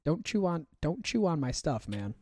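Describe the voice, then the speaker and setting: Joking young American podcast host. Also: male voice, a little high, very animated, moderate pace, a little mellow. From United States. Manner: loose, joking, swears freely, laughs often. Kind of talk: casual podcast chat.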